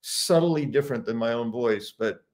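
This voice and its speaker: A man's voice: mid-range voice, normal speed, darkish tone. Reflective man telling stories in a chat. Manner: reflective storyteller, laughs often. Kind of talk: casual live chat.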